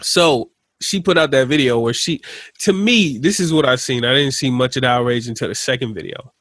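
A man co-hosting a podcast in casual chat, telling stories in a rambling, animated way. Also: mid-range voice, fairly quick, no room sound. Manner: rambling, animated storytelling with laughs. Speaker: podcast co-host.

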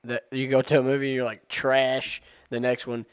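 A man's voice: mid-range voice, flat delivery, fast, clear, resonant tone, no echo. A man hosting a podcast, telling jokes and chatting casually with friends. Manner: joking, chatty storyteller. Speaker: podcast host. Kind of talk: casual chat.

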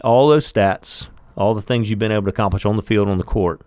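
A man's voice: on the low side, fast, darkish tone, no room sound. A man hosting a faith podcast, asking questions and giving short encouraging affirmations. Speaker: podcast host.

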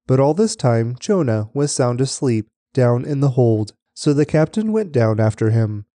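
Male scripture reader, very dark and mellow tone, measured delivery, dry close mic. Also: medium pitch, no room sound. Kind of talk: steady scripture reading.

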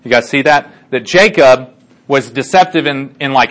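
A man's voice: medium pitch, moderate pace. A man casually retelling a Bible story to a group, chatty, with many fillers and check-ins. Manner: chatty, lots of fillers and restarts, asks listeners for agreement. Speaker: Bible teacher.

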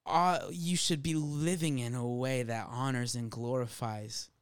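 A man co-hosting a casual faith podcast, animated and laughing, acting out little quoted voices as he talks. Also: medium pitch, unhurried, clean tone, no echo, clean studio sound. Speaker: podcast co-host.

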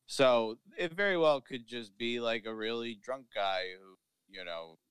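A man's voice: mid-range voice, lively intonation, measured pace, fairly bright tone, clean tone, no echo. A young man co-hosting a podcast, rambling casually with fillers and joking riffs. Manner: rambling, many fillers, riffs into silly bits. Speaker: podcast co-host.

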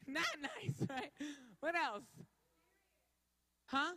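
A woman leads an interactive sermon, playfully repeating the crowd's answers back to them. Her voice is fairly high and swings widely. She talks at an unhurried pace, in a hall with a long reverb. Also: very animated, noisy background. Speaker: speaker leading a church audience. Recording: echoey hall.

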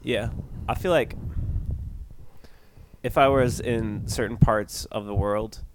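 A man's voice: on the low side, steady tone, slow, a little hiss or hum. Teasing, laughing man on a podcast. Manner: joking, teasing, laughs a lot. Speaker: podcast co-host. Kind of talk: casual chat.

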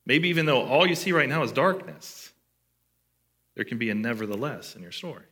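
A man's voice: mid-range voice, animated, fairly quick, bright, forceful tone. A man preaching a sermon as pastor, conversational and asking his listeners questions.

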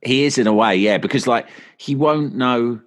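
A man tells a long, meandering story in an easy, chatty way. His pitch sits in an ordinary middle range, and he slips into voices for the people he quotes. It sounds like a podcast guest talking casually. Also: normal speed. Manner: animated anecdotes, voices friends in quotes.

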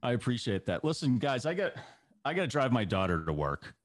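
A man's voice: medium pitch, very animated, brisk, no echo. A man co-hosting a podcast, laid-back, joking and profane. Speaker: podcast co-host. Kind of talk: casual podcast chat.

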